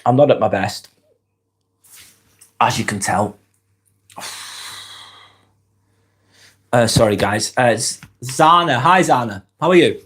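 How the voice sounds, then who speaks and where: A man with a Lancashire accent, hosting a casual live stream while he has a head cold, talking in a relaxed, earnest way and reading viewers' comments aloud. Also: medium pitch, slow pace, pauses often. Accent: Lancashire English. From Lancashire, England. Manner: relaxed, earnest, rambling with fillers and sighs.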